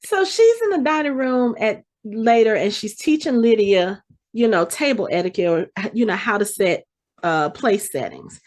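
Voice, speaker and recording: A woman's voice: fairly high pitch, normal speed. A woman hosting a podcast, recapping a TV episode in casual chat and playfully acting out the characters' lines. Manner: animated storyteller who acts out the characters' lines. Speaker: podcast host.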